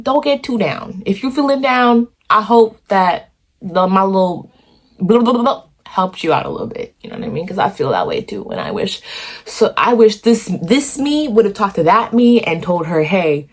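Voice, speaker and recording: A young woman talking to her phone camera in a warm room at home, giving animated, encouraging advice in a chatty way full of "you know" and "okay". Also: medium pitch, normal speed. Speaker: vlogger. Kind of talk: casual motivational talk to camera.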